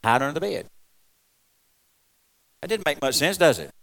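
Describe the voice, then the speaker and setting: A man preaching a folksy, rambling sermon, swinging from loud exclamations to quiet asides. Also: fairly high pitch, sing-song, moderate pace, gravelly. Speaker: pastor.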